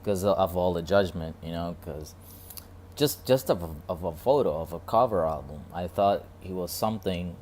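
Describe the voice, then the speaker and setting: A man vlogging a casual reflective monologue, talking quietly and rambling with many restarts and repeated words. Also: deep voice, normal speed, a little hiss or hum.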